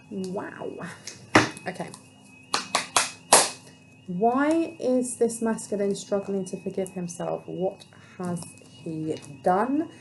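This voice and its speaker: A woman's voice: on the low side, vocal fry, background noise. A woman giving a solo tarot reading, musing aloud and questioning the cards as she goes. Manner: musing, talks to herself and the cards. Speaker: tarot reader.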